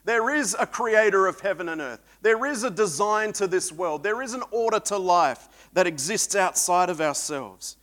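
A man preaching a sermon in a voice pitched a little above the usual male range. He swings between loud, emphatic bursts and hushed, reflective passages. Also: expressive, moderate pace, hardly any pauses.

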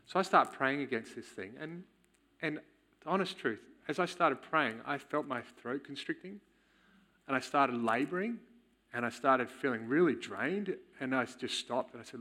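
A man's voice: medium pitch, animated, moderate pace, bright, forceful tone. A man, giving a candid personal testimony in a sermon and chuckling now and then as he tells the story. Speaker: church speaker.

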